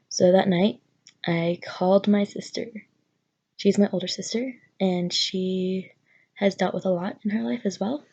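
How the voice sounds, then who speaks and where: A woman's voice: medium pitch, vocal fry, mellow, husky, highs cut off. A young woman telling a personal story in a vlog, nervous and rambling with many fillers. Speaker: vlogger.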